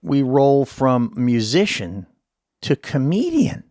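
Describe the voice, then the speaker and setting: A man in his sixties with a gravelly, fry-laced voice, chatting as a podcast host. He swears freely and laughs at his own stubbornness. The sound is dry and close, with no room around it. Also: mid-range voice, sing-song, slow pace, a little mellow, no echo. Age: 60s. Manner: profane, self-mocking storyteller. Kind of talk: casual interview chat.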